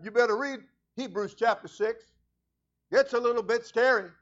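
High-voiced preaching pastor, man. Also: moderate pace, dull audio. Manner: preacherly, swings from low asides to loud fervent prayer. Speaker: senior pastor. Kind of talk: sermon.

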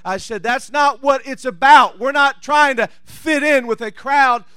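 A pastor with a notably high male voice delivers a sermon, reading scripture softly before building to loud, shouted praise. The sound is dry and close, with no room echo. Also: unhurried, clear, resonant tone.

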